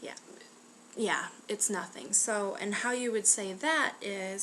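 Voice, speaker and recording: A woman's voice: on the high side, animated, vocal fry, fairly bright tone, a little hiss or hum. Chatty young woman teaching basic phrases. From United States. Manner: friendly, chatty, slows down to sound out words. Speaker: language teacher. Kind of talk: casual vlog-style language lesson.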